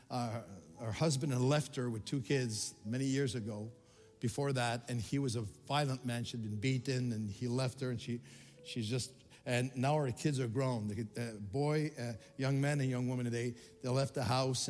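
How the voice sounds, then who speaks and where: An older man from Quebec preaching a sermon as a pastor, passionate and stammering, swinging from loud pleas to hushed storytelling. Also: medium pitch, big-room sound.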